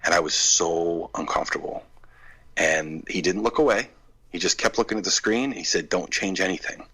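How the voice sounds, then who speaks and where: Deep-voiced man telling a story. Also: moderate pace, husky, low-quality recording. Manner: animated storyteller, acts out quoted dialogue. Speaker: film director and guest. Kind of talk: casual storytelling interview.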